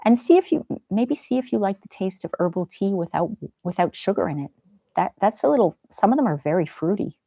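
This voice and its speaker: A gentle, chatty middle-aged woman hosting a live stream, talking to viewers and laughing now and then. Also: medium pitch, animated, fairly quick, gravelly, no echo. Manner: gentle, chatty, laughs often, soft asides. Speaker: live stream host reading chat. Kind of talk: casual live stream chat.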